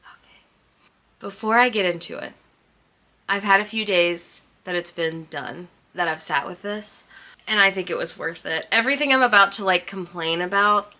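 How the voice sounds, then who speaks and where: A woman's voice: medium pitch, moderate pace, sharp tone. A woman vlogging casually who gushes, chats and laughs often. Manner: gushing, chatty, laughs often. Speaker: sewing vlogger. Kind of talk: casual vlog chat. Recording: echoey room, faint noise.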